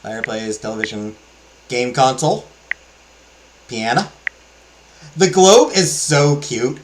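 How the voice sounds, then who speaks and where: Male let's-play host, casual, enthusiastic, filler-heavy, average pitch. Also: lively intonation, slow pace, slight background noise, low-quality recording. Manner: rambling, enthusiastic, many fillers. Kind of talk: casual game commentary.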